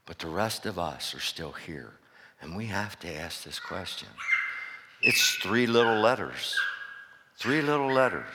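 Bright-voiced preacher in a reverberant hall. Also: male voice, low voice, expressive, unhurried, a little hiss or hum. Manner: impassioned preaching, swinging from loud outbursts to hushed asides; asks the congregation rhetorical questions. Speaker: pastor. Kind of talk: sermon. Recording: long reverb of a large hall.

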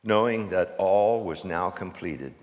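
A man preaching a sermon, reading scripture slowly and deliberately, then pressing a string of urgent questions. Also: deep voice, a little mellow, long reverb tail.

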